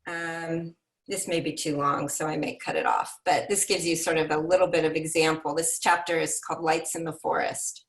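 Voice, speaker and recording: A woman book editor reading a book passage aloud in a measured way and talking about it on a video call. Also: sits low, little pitch movement, gravelly, recorded from a distance. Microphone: computer mic on a video call.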